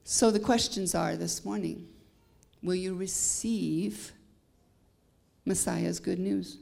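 A woman's voice: on the low side, fairly even intonation, slow, vocal fry, a little mellow. A woman from Canada with a Canadian accent, a guest preacher delivering a sermon with emphatic rising peaks and bits of humor.

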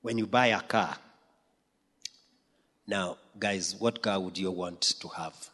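Emphatic preacher in a reverberant hall. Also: male voice, deep voice, slow pace, husky. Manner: emphatic, swings from loud to soft. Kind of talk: sermon.

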